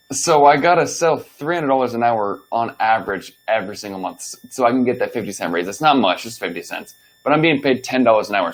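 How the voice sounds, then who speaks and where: A man's voice: fairly low pitch, rough recording. Casual, profane young man telling stories. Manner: animated, profane, acts out his own past lines. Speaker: podcast host. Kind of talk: casual storytelling monologue.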